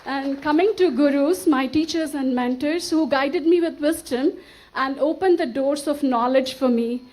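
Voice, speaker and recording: A woman's voice: high-pitched, normal speed, a little mellow, low-quality recording. A woman from India giving a formal, earnest acceptance speech on an auditorium stage, speaking with gratitude and some emotion into a podium mic. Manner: earnest, grateful, slightly emotional.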